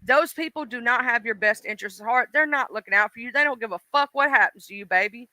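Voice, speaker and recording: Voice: mid-range voice, quick pace, pushed and bright, dry recording. A livestream host ranting bluntly and profanely, speaking straight to the audience. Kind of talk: casual livestream rant.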